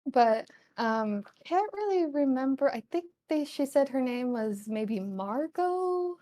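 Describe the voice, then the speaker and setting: A woman running a tabletop game as game master, narrating in a hesitant, giggly way full of fillers. Her voice sits a little higher than most women's. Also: lively intonation, takes it slowly, mellow.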